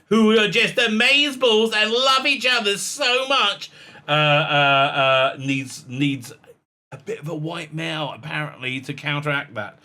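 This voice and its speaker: A man's voice: on the high side, measured pace, sharp tone. A man giving sarcastic commentary, reading quotes aloud with lots of fillers and laughs. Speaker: commentary vlogger.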